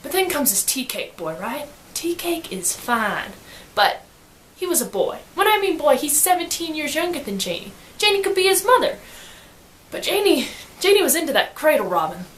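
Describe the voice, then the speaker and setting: Animated slangy woman retelling a book. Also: high-pitched, moderate pace, a little hiss or hum. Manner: slangy, animated storytelling with acted-out quotes. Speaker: student reviewer. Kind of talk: casual book summary.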